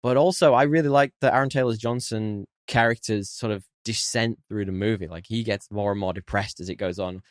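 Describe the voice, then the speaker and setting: A man's voice: lowish voice, brisk, few pauses, dry recording, clean studio sound. A man co-hosting a podcast, chatting casually about a film, laughing often and slipping into jokey voices. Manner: laughs often, animated voices when joking. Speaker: podcast co-host. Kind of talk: casual film review chat.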